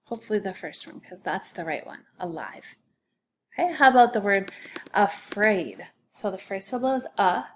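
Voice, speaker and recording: Woman teacher, children's spelling lesson, slow, careful delivery. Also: medium pitch, lively intonation, a little hiss or hum. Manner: slow, patient, sounding out syllables.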